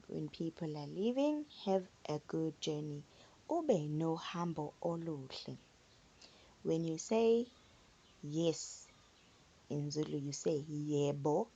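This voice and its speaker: A woman teaching phrases patiently in a relaxed spoken lesson, repeating words for learners. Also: low-pitched, slightly rough. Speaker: language teacher. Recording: dull lo-fi recording.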